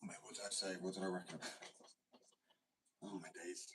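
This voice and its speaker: A man's voice: low-pitched, flat delivery, normal speed, fairly bright tone, distant mic. A man, chatting and rambling casually while he works in a workshop, swearing and often dropping to a mutter. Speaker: skate workshop vlogger.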